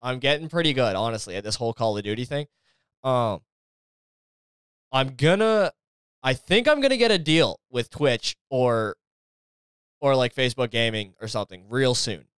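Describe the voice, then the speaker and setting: A man's voice: mid-range voice, lively intonation, normal speed, pauses often, a bit bright, clear, resonant tone, no room sound, pitched below the performer's own voice, lightly acted. A man putting on the voice of a lazy young man-child boyfriend who games all day, rambling and stammering sheepishly. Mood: sheepish boasting.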